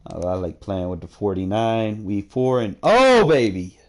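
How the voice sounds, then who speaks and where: A young gaming streamer with a fairly low, darkish voice casually runs through his football video game stats, speaking a little slowly in a sing-song way. He's laid-back and slangy, often thinking aloud and talking to himself as he checks the numbers.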